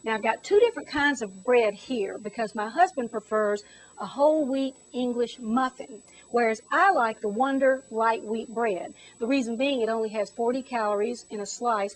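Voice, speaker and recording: A woman's voice: a little high, rough recording. A middle-aged woman hosting a home cooking demonstration, chatty and bubbly with theatrical exclamations. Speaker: cooking show host.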